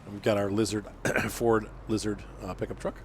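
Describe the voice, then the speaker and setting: A man's voice: lowish voice, level tone, normal speed, a little hiss or hum. A man hosting a farming game let's-play, talking casually and rambling as he plays, with some teasing banter. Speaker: gaming channel host.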